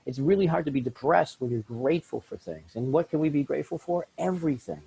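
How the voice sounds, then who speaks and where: Middle-aged man, podcast guest; gravelly, slightly raspy voice, blunt and animated, breaks into laughs and acted-out asides. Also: on the high side, quick pace, rough recording. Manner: animated, blunt, laughs often, acts out voices in his stories. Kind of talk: candid conversational self-help talk.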